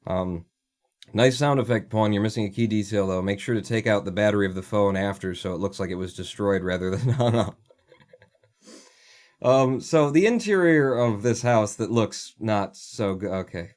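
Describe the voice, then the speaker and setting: A man's voice: lowish voice, normal speed, a little mellow. A man hosting a casual livestream, ranting sarcastically and swearing freely as he chats. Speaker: livestream host.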